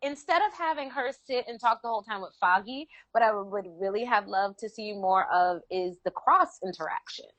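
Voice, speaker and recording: A woman's voice: medium pitch, normal speed, few pauses, fairly bright tone, dry recording. A woman co-hosting a casual podcast chat about a TV show, jumping in with emphatic opinions. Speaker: podcast co-host.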